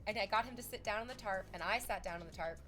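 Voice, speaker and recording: A young woman streamer chatting casually with viewers, animated and swearing freely, her voice leaping up in excited bursts. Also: mid-range voice, fast talker, soft background music.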